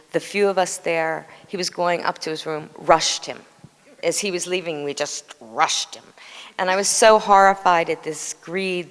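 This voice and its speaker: Woman, sixties, low voice, animated storyteller, long reverb. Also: clean tone. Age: 60s. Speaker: devotee sharing memories. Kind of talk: personal storytelling at a reunion.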